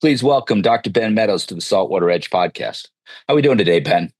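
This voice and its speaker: A man's voice: sits low, animated, a little fast, slightly rough, no echo. A man from the Boston area hosting a podcast in a friendly, chatty way, moving from a read introduction into casual interview talk. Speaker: podcast host.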